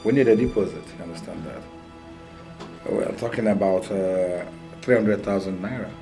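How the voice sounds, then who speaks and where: A man's voice: low voice, moderate pace, music in the background. A man with a Nigerian accent playing a businesslike hospital doctor who demands a deposit. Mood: firm. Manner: businesslike, firm. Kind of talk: Nollywood film acting.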